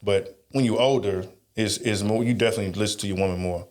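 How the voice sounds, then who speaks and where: A man with a low voice speaks emphatically in a relaxed podcast conversation. He drives his points home and backs up the others with repeated agreement. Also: fast. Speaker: podcast co-host. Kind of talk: casual chat.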